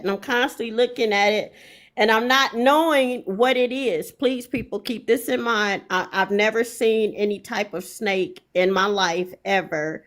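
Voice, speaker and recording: A middle-aged woman telling a story in an animated, profane way, full of emphatic repetition. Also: medium pitch, unhurried.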